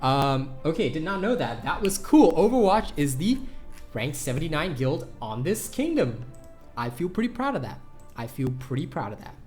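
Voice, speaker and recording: An excitable man with a fairly high voice gives casual gameplay guide commentary. He rambles, swears freely and trips over repeated words, with faint background music behind him. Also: normal speed. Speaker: gaming YouTuber.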